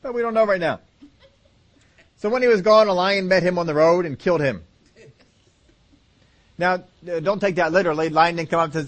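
A man's voice: high-pitched, fairly quick, long pauses. A man preaching a sermon, joking and acting out the story in voices. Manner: humorous, acts out scenes in voices, laughs often.

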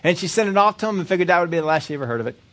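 A man preaching, telling a story in an earnest, repetitive way that builds in excitement. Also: high voice, very fast. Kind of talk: sermon storytelling.

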